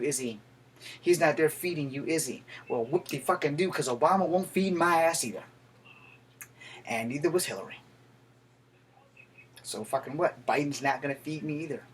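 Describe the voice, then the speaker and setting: A man's voice: mid-range voice, slight background noise. A man in his thirties, a veteran, giving a blunt, profane and heated political rant to the camera. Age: 30s.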